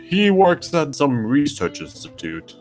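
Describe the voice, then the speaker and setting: A man reading visual novel dialogue aloud with friends over voice chat, with brisk, friendly line reading. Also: fairly high pitch, sing-song, a little mellow, soft background music.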